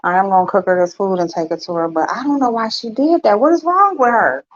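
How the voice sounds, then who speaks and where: A woman's voice: medium pitch, animated, fast talker, darkish tone. A middle-aged woman hosting a casual chat with viewers, talking bluntly and swearing freely. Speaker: host. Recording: dull lo-fi sound.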